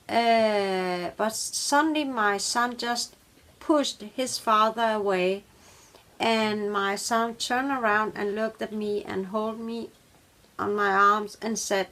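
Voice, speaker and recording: A woman vlogger telling a frightening true story from her own life, haltingly, with pauses and fillers. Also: medium pitch, a bit bright. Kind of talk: personal storytelling.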